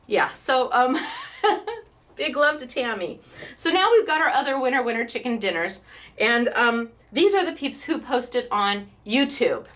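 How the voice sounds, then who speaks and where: Woman, craft class host, bubbly, chatty, laughs often, slightly high voice. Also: fairly bright tone. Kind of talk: casual chat to online viewers.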